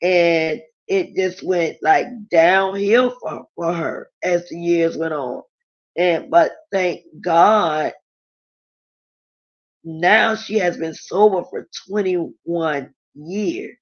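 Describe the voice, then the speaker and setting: A woman's voice: on the low side, extremely slow. A middle-aged woman hosting a casual live stream, chatting candidly and reading viewer comments aloud. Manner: chatty, candid, rambling with restarts. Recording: dull lo-fi sound.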